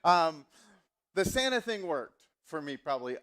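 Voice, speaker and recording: A man's voice: a little high, big pitch swings, a little slow, a bit bright. A pastor in his forties from the Southern US, preaching a sermon in a casual, chatty, self-mocking way with plenty of ums. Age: 40s.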